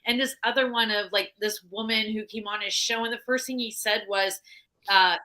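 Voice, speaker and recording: A woman's voice: mid-range voice, steady tone, normal speed, sharp tone. A woman co-hosting a casual panel chat, earnest and hesitant, with lots of fillers. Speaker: podcast co-host.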